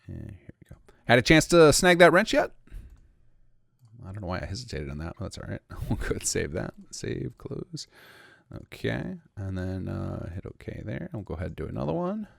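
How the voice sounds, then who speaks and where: A man's voice: low-pitched, very animated, a little fast, vocal fry, darkish tone, slightly rough, dry recording, studio quality. A man giving a casual screen-recorded modding tutorial, thinking aloud and correcting himself as he clicks through the editor.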